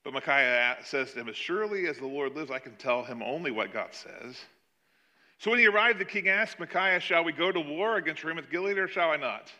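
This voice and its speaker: A man preaching a sermon, retelling a Bible story with animated delivery and acting out the characters' lines. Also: fairly high pitch, brisk, highs cut off. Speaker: pastor.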